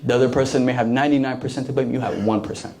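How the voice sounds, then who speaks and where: A man's voice: mid-range voice, fairly even intonation, racing, a little mellow, a little hiss or hum. A young man preaching a casual sermon to a youth group, slangy and conversational, acting out the characters.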